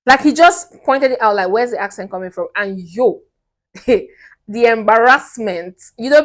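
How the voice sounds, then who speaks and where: A young Nigerian woman with a Nigerian accent speaks directly to camera as a relationship coach, giving advice. Her voice is a little high, and she's emphatic and repetitive, often breaking into a personal story.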